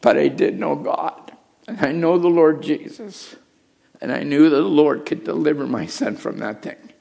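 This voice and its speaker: A middle-aged man preaching a sermon as pastor, telling a story with hushed asides and raised, urgent lines. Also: on the high side, normal speed, vocal fry. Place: church.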